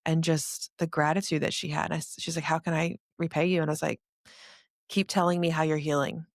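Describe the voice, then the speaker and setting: A woman guest on a podcast, an energy healer telling stories in a gushing, animated way. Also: low voice, fairly quick, no room sound, clean studio sound. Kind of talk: casual chat.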